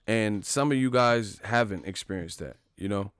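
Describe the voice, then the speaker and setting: A man's voice: lowish voice, moderate pace, a bit bright, clean tone, no room sound. A man hosting a boxing live stream, talking casually and profanely, retelling stories with acted-out quotes. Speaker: boxing channel host.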